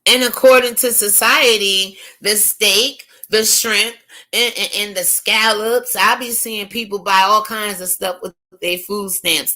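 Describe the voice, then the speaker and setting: A woman's voice: medium pitch, fairly even intonation, measured pace, bright, forceful tone. A woman from the United States hosting a casual opinion commentary, talking emphatically and firing off rhetorical questions. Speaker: commentary channel host.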